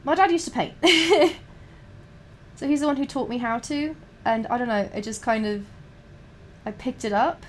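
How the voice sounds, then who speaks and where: While painting miniatures, a young woman chats to her stream in a voice that's a little on the high side, at a moderate pace with long pauses. She rambles, swears freely and keeps restarting her sentences, and there's a little hiss or hum in the audio.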